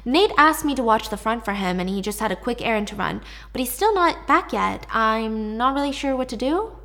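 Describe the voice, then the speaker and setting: A woman's voice: a little high, lively intonation, a little fast, fairly bright tone. A woman doing a shaken young man.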